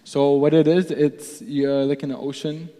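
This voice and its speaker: A young man gives a relaxed, conversational sermon with a slightly high but mellow voice. He slips into pleading, acted-out prayers as he talks. The sound comes from a live stream in a church hall with a long reverb. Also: moderate pace. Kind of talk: casual sermon.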